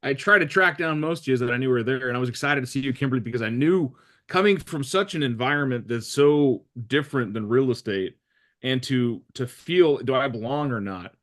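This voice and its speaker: A man's voice: medium pitch, fairly quick. A man hosting a casual group recap, joking and asking the group questions. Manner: lively, joking, asks lots of questions. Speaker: group discussion host.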